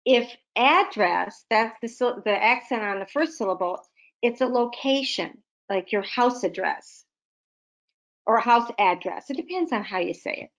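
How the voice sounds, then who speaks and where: A woman tutor walks through a vocabulary lesson with patience, stopping often to give everyday examples. Her voice sits a little high for a woman, and she keeps her explanations plain and friendly. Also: normal speed. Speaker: literacy tutor.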